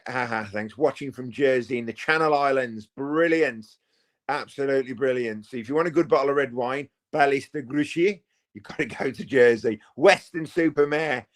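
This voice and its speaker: Jokey man chatting. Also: mid-range voice. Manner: jokey, chatty, reads out viewer comments. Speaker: watch party host. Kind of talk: casual live-stream chat.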